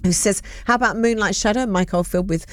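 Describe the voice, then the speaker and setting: A woman's voice: mid-range voice, fairly quick. A woman co-hosting a weekend radio show from a studio mic, reading out listener messages with an amused, easy manner. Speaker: radio co-host.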